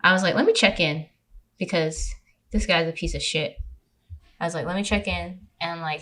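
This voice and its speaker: A woman from California, a podcast guest, telling a dating story in casual, animated chat, with lots of swearing and mocking impressions of others. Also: on the low side, normal speed, long pauses. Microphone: remote recording.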